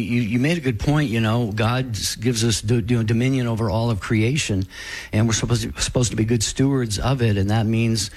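A man's voice: medium pitch, a little mellow. A man co-hosting a call-in radio show, speaking in an earnest, reflective way. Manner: earnest, reflective, faith-based. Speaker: radio co-host.

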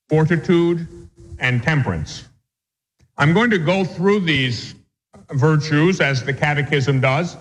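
A man, a Catholic priest, giving a measured, patient catechism lecture with anecdotes. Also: on the high side, big-room sound, rough recording.

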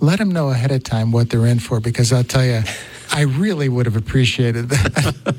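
A man hosting a talk show, telling a personal story in a lively, conversational way. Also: medium pitch, normal speed, slightly rough. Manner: storytelling, animated. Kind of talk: casual chat.

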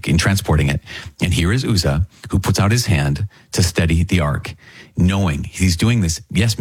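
Lively male Bible teacher, low and husky, who keeps asking his listeners rhetorical questions. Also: dry recording. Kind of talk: scripture commentary.

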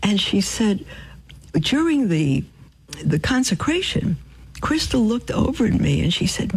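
Husky, gravelly woman telling faith stories. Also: mid-range voice, a little slow, low-quality recording. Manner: animated storyteller who acts out quotes and drops to a whisper for emphasis. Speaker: radio guest asking for donations. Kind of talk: religious storytelling testimony.

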